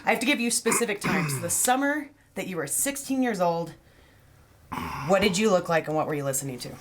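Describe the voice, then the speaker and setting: A woman's voice: fairly low pitch, brisk, slight background noise. A woman in her thirties, co-hosting a casual podcast chat and acting out quotes in playful voices. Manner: animated, acts out quotes in silly voices. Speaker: podcast co-host.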